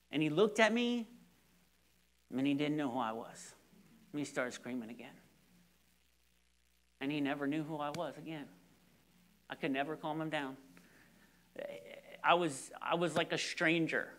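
A man's voice: high voice, unhurried, long pauses, fairly bright tone. A young man preaching a sermon, telling stories animatedly with repeated words and sudden drops to near-whispers. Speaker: pastor.

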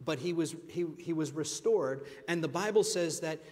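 A man pastor preaching a sermon, emphatic and calling the congregation his friends, swinging between loud stretches and hushed ones. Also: fairly high pitch, normal speed, in a large hall. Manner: addresses the congregation directly as friends. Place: church sanctuary.

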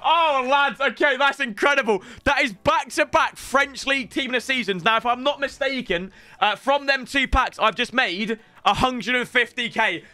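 A young man giving chatty, rambling commentary while opening game packs, bursting into shouts at good pulls. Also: very high-pitched, moderate pace, no room sound. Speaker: gaming YouTuber. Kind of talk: excited pack-opening commentary.

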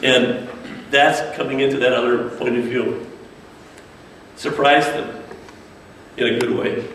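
A man's voice: medium pitch, slow pace, a little hiss or hum. Man speaking from far in an echoey room. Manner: animated, acts out kids' and characters' voices. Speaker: speaker on children's media design. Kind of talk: casual talk to an audience. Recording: echoey distant room recording.

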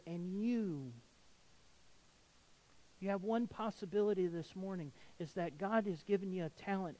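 A man preaching to his congregation in a slightly high voice. He moves from soft, confiding appeals to emphatic exhortation, pressing every point home. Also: rough recording. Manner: earnest, rising to emphatic exhortation. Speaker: pastor. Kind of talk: sermon.

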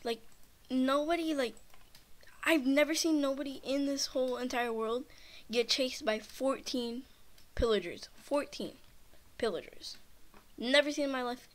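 A woman's voice: high voice, measured pace, pauses often. A shaken, nervous woman gives rambling, frightened commentary on her own gameplay and keeps repeating herself. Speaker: gamer, channel host.

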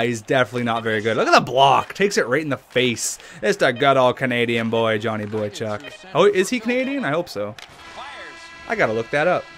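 A young man runs loud, profane commentary over a hockey video game. His voice sits a bit high, and he hypes his own plays while trash-talking the other side. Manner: hyped, swearing, trash-talking, laughing bursts. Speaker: gaming YouTuber.

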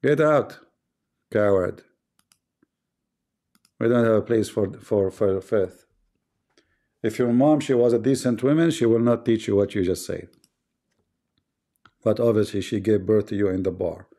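A man's voice: lowish voice, measured pace, pauses often, mellow. A man with an Arabic accent hosting a live debate stream, taunting and sarcastic toward his callers. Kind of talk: mocking live-stream banter.

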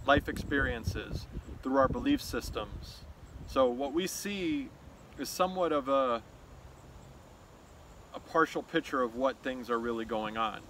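A man's voice: mid-range voice, background noise. Man musing aloud on a trail. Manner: thoughtful, unhurried, with fillers and restarts. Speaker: host. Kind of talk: reflective walk-and-talk monologue. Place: outdoors on a nature trail.

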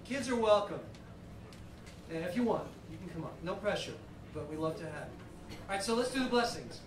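Man leading a shofar service, chatty, joking, loud background noise, distant mic. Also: sits high, lively intonation, brisk. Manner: chatty, joking, conducting the room. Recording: echoey hall, far from the mic, noisy.

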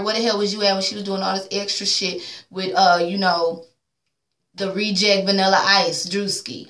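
Woman doing a messy tv recap rant, cusses a lot, mid pitch, echoey room. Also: pushed and bright. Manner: blunt, sassy, swears a lot, acts out quotes. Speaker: recap vlogger. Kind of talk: casual reality-TV recap rant.

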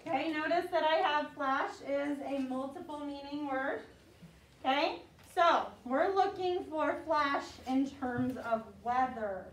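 A woman teacher with a high-pitched voice leads a vocabulary lesson slowly, patiently repeating each word so the class can echo it. She's heard from far off in an echoey classroom.

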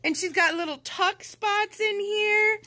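A woman in her thirties, a mother and vlogger, gushing and gasping with excitement as she opens a gift package at home. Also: very high voice, a little slow, slight background noise. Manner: gushing, gasping, says "oh my gosh" often. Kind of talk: excited unboxing chat.

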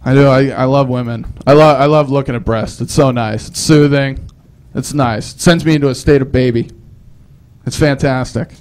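A man's voice: medium pitch, fairly even intonation, moderate pace, a little mellow, smooth. Rambling young male stand-up comic. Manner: rambling self-deprecating storytelling with restarts. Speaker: stand-up comedian. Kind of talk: live stand-up comedy set.

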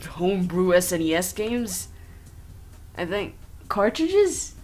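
A woman narrates her playthrough into her desk microphone, rambling and joking with sarcastic asides. She speaks slowly in a lowish, somewhat dark voice that is very animated.

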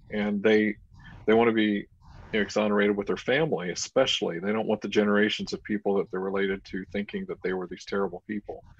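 A man's voice: fairly low pitch, breathy edge. A man who is a paranormal investigator, chatting casually on a video call and telling a story animatedly. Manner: animated storyteller, acts out dialogue. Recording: muffled lo-fi video call audio.

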